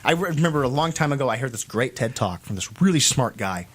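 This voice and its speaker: A man's voice: mid-range voice, lively intonation, fast talker. A man from the United States giving opinionated political commentary as co-host, emphatic and repeating phrases for stress.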